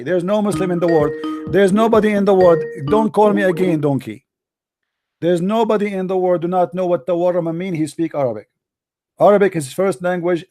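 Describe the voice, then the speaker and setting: A man with a high voice hosts a heated call-in debate, hoarse from talking. He mocks and scolds his callers and repeats himself. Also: mellow. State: losing his voice. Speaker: debate show host.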